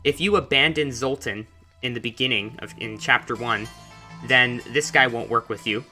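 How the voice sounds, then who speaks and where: Soft music plays behind a gameplay commentator who talks through a video game in a relaxed, chatty way, adding thoughtful asides. He has a medium pitch, a moderate pace, and a bright, pushed delivery.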